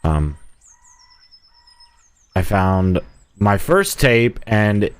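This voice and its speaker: A man's voice: lowish voice, sing-song, very slow, clear, resonant tone, no room sound. A man streaming a video game live, rambling and joking as he talks to himself and his viewers. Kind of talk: casual live gameplay commentary.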